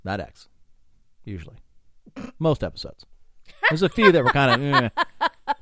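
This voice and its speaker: A man's voice: mid-range voice, huge pitch swings, measured pace, very noisy. A man hosting a podcast, telling rambling, profane stories in casual chat. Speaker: podcast host.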